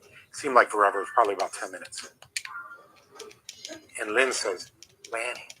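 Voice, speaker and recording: A middle-aged man, a former wrestler, telling rambling, animated stories as an interview guest. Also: lowish voice, a little fast, noisy background. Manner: rambling, animated anecdotes with restarts. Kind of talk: casual storytelling.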